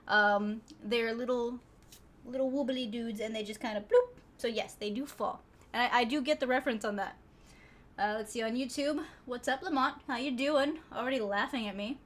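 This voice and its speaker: Woman, slightly high pitch, casual streamer chat, laughs often, trailing fillers. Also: a bit bright. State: a little out of breath. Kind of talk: casual chat with live chat viewers.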